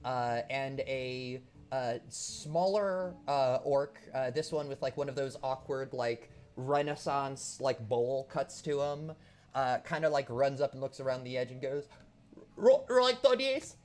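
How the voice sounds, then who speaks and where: A man's voice: mid-range voice, steady tone, a little slow, darkish tone, clear, resonant tone. Rambling male game master. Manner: rambling, lots of fillers. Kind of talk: narrating a tabletop game.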